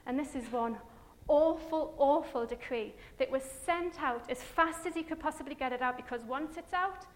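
A woman giving a chatty, animated Bible story talk with slides, full of fillers and asides to her listeners. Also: sits high, moderate pace, few pauses.

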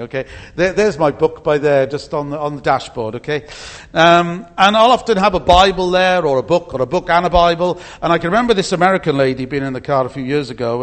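Middle-aged man, slightly higher pitch, informal anecdotal preaching with slides. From Britain. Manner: chatty, anecdotal, many restarts and asides. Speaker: speaker at a church meeting.

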